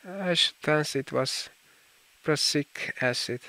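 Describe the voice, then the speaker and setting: A man voicing a cool, worldly aristocrat in an audiobook, measured and urbane in manner. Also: on the high side, bright, forceful tone, exaggerated voice, poor audio. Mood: grave. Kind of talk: audiobook character reading.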